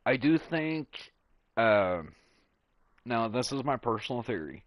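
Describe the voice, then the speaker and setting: A man giving casual gameplay commentary in a slow, halting way, searching for words with many pauses. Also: medium pitch, sing-song, highs cut off. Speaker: gameplay streamer.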